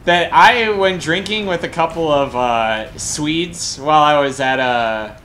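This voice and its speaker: A young man from Colorado, a game caster telling rambling, excited stories between plays in casual chat, with frequent swearing. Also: a little high, measured pace, a little hiss or hum. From Colorado, USA. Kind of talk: casual storytelling during a game broadcast.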